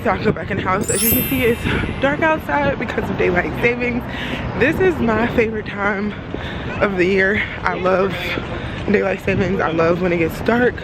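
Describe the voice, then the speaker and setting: A woman's voice: mid-range voice, moderate pace. A young woman vlogging casually, chatty and often laughing as she tells a story. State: out of breath at times. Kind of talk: casual vlog chat. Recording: loud street noise behind.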